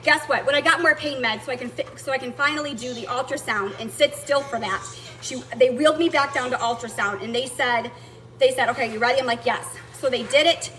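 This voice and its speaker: A woman's voice: high voice, fairly quick, bright, forceful tone, rough recording. A woman venting to viewers in a blunt, indignant storytelling rant, swearing as she goes. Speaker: vlogger telling a personal story.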